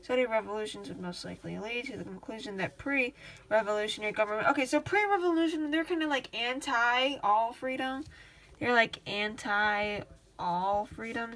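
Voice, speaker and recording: A bubbly woman with a slightly high voice talks through study questions, rambling and restarting as she goes. She gets gushingly excited, slips into slang and the odd swear, and keeps the tone loose and chatty. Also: a little fast. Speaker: student tutor. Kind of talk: casual study-guide talk.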